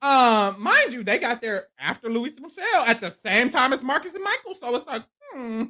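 This is an expressive co-host whose pitch swings all over the place as the stories unfold. The tone is bright and forward, with frequent laughter. The talk is loose, slangy and profane, delivered as a casual recap. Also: normal speed. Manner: animated and playful, laughing often, acting out quotes. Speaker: podcast co-host. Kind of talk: casual reality-show recap chat.

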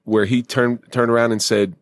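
A man's voice: mid-range voice, flat delivery, moderate pace, no room sound, clean studio sound. A man with a New Jersey accent hosting a podcast, reflective and teasing. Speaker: podcast host. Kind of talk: casual podcast conversation.

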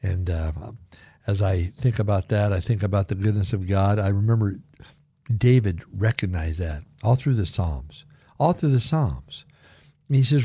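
A man's voice: fairly low pitch, normal speed, mellow, husky, no echo, clean studio sound. A man who is a pastor and radio host, giving a folksy, conversational devotional talk and reading scripture earnestly. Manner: folksy and conversational, jokes lightly; earnest, heartfelt prayerful reading.

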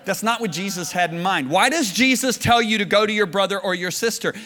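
High, bright-voiced preacher man in a hall. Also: fairly quick. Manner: storytelling, swings from low hushed lines to loud shouted bursts. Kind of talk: sermon.

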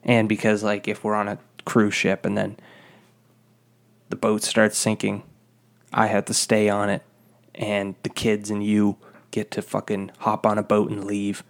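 Profane rambling man with a gravelly voice. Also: on the low side, completely flat delivery, measured pace. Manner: profane, rambling, exasperated storytelling. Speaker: former fast-food worker telling a story. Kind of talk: casual ranting monologue.

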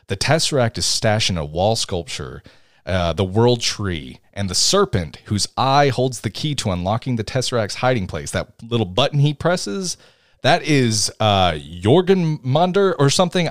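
A man with a low voice hosts a podcast, talking in excited, rambling bursts about films. His pitch swings up and down with animation, and the recording is dry and close. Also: no echo. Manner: excited, rambling fan talk. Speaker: podcast host. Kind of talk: casual podcast chat.

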